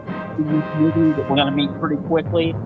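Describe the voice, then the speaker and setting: A man's voice: on the high side, little pitch movement, slow pace, loud music behind the voice. Brief: casual male podcast host, enthusiastic film commentary, dull muffled sound. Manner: chatty, profane, enthusiastic.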